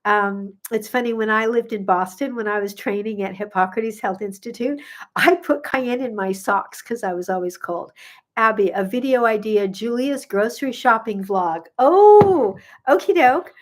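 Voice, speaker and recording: A woman's voice: mid-range voice, normal speed, a bit bright. A middle-aged woman, a gut health coach, chatting casually on a live stream, bubbly and effusive with many ums, a little sniffly. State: sniffly from pollen.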